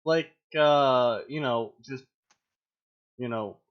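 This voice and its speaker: On his fanfiction reading show, this man mocks the text as he reads and performs quoted lines in loud, shrill outbursts. His intonation is lively, his pace extremely slow, and the recording's high frequencies are cut off.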